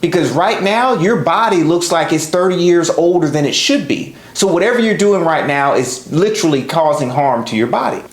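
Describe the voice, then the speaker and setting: Guy doing a stern doctor lecturing, bit high, echoey. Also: lively intonation, normal speed, few pauses. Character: blunt male doctor giving a stern warning. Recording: roomy echo.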